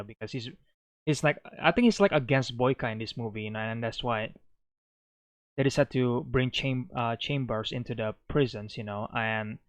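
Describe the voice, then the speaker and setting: A man reviewing a film in a loose, unscripted way, rambling and filling every pause with small filler phrases. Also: medium pitch, dry recording. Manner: rambling, fills pauses with "you know" and "like". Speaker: movie reviewer.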